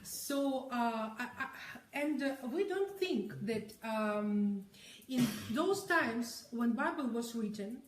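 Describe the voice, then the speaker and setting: Casting note: woman interviewer, high bright voice, halting non-native English, giggles often, echoey room, off-mic. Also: animated, recorded from a distance. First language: not English. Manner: hesitant, many restarts, giggly. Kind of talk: casual conversation.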